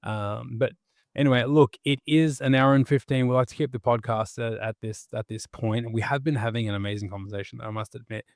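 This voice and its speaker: A man's voice: medium pitch, steady tone, brisk, dry recording. Australian man co-hosting, dry close mic. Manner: blunt, joking, swears casually. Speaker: podcast co-host. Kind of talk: casual podcast chat.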